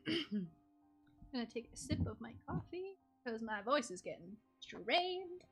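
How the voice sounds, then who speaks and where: A high, bright-voiced woman giggles her way through casual game-stream chatter. She talks slowly and unhurriedly. Faint music plays behind her. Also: very animated, breathy edge. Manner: giggly, playful. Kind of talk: casual live-stream commentary.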